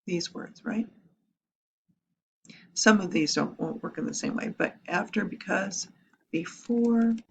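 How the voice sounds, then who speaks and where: A woman teaching a grammar lesson, lively, explaining step by step and asking rhetorical questions. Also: medium pitch, takes it slowly, creaky, long pauses, slightly rough. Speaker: writing teacher.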